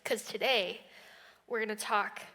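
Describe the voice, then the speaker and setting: A woman's voice: mid-range voice, fairly even intonation, unhurried, bright, forceful tone. A young woman, a college minister, preaching a sermon in a chatty, conversational way. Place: church sanctuary. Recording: long reverb of a church hall.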